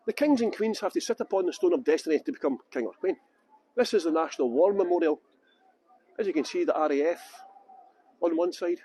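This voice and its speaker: A man's voice: high-pitched, dark tone, breathy edge, poor audio. A man with a Scottish accent, guiding a live-streamed walking tour outdoors, chatting and joking with viewers through a handheld phone. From England. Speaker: tour guide. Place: outdoors in castle grounds.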